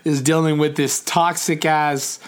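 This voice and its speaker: A man's voice: on the high side, little pitch movement, unhurried, clear, resonant tone. Rambling young man, casual swearing. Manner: rambling, swears freely, many fillers and restarts. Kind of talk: casual personal vlog chat.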